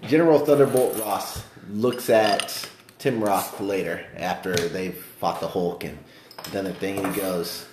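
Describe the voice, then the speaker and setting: A man casually discussing a movie, animated and profane, swinging between loud outbursts and low muttering. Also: a little slow, roomy sound, noisy background.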